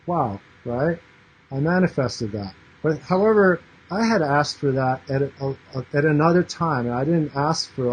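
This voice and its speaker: A man's voice: medium pitch, a little mellow, husky, rough recording. A man in his thirties, a yoga and meditation teacher, talking casually and earnestly to camera, rambling with many fillers and restarts.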